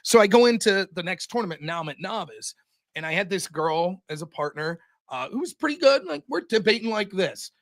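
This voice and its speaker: A young man telling a story on his stream in a profane, animated way, as the host of the show. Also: high-pitched, fairly quick.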